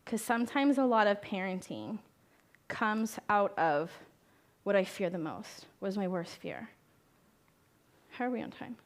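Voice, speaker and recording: With long pauses and an unhurried, animated delivery, a young woman who works as a therapist talks conversationally to parents at a conference. Her voice is medium-pitched, and she asks the audience questions and performs the voices she quotes.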